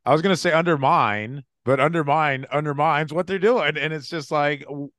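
Casting: young male podcast host, smooth voice, dry close sound, loose and profane. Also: on the high side, normal speed, fairly bright tone, no room sound. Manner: profane, rambling, filler-heavy. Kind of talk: casual podcast chat.

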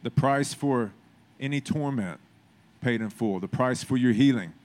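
A man's voice: medium pitch, a little slow, a little mellow. A man preaching a sermon in a conversational way, building to emphatic, repeated phrases. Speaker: pastor.

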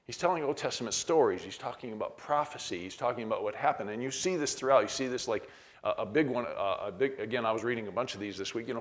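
A man, middle-aged, teaching a Bible class in a conversational way, reading verses aloud with frequent restarts. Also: medium pitch.

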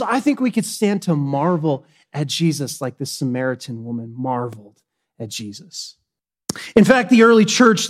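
Male preacher, middle-aged, high-pitched and animated, with sudden shouts and chatty asides. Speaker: pastor. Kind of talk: sermon.

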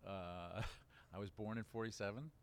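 A man's voice: lowish voice, fairly even intonation, moderate pace, slight background noise. A man in his seventies from Baltimore, talking through memories at length in an interview, rambling with many fillers and restarts. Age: 70s. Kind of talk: relaxed reminiscing interview.

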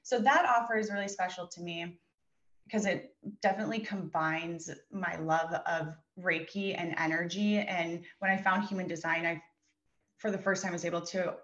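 A woman's voice: on the low side, fairly even intonation, moderate pace, fairly bright tone, highs cut off. A woman guest on a podcast, a coach talking casually with an affirming, enthusiastic manner.

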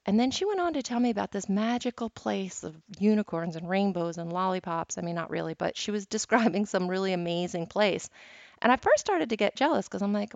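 Chatty woman with a gravelly voice. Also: medium pitch, brisk, no room sound. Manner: chatty, storytelling, laughs often. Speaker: meditation podcast host. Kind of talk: casual teaching talk. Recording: dull lo-fi dry recording.

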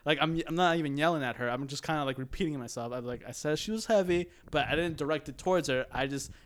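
Young man, slightly high voice, casual storytelling, laughs a lot, swears freely. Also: fast talker.

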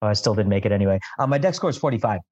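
A man's voice: fairly low pitch, lively intonation, racing, a little mellow, no echo, dull audio. A man playing a tabletop role-playing game, thinking aloud with frequent restarts. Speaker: player. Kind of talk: casual tabletop play.

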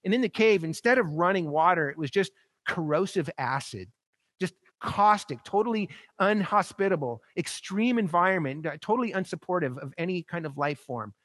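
A pastor preaching a sermon, building to emphatic peaks and dropping soft and low, with repeated rhetorical phrases. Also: male voice, lively intonation, normal speed, no echo.

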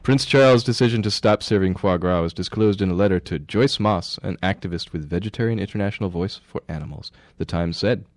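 A man's voice: low voice, a little fast, few pauses, no echo. A man co-hosting a radio show, joking and laughing as he reads out news stories. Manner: jokey, laughs often, reads news items aloud. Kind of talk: casual radio banter.

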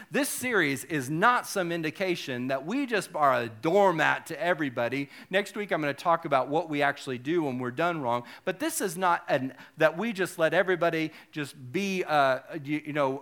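A male pastor giving a sermon, animated and joking, with self-deprecating asides. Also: a little high.

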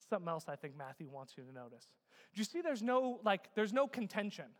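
Animated preacher man in an echoey hall. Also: sits high, brisk. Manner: animated, shouts key words for emphasis. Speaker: pastor. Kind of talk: sermon. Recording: echoey hall with long reverb.

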